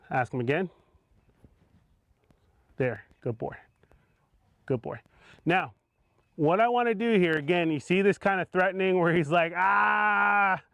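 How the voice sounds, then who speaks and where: Horse trainer, male, higher-pitched voice, calm coaxing delivery, dry close sound. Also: no room sound. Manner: calm, coaxing, explains while working. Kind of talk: instructional demonstration.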